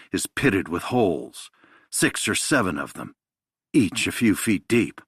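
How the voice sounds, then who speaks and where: A man narrating a thriller audiobook in a measured, even storytelling manner. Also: deep voice, slightly rough, dry recording, clean studio sound.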